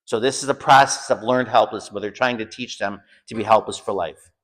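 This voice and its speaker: An American man teaching a home school lesson, telling a personal story and acting out shouted quotes. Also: fairly low pitch, a little fast. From United States.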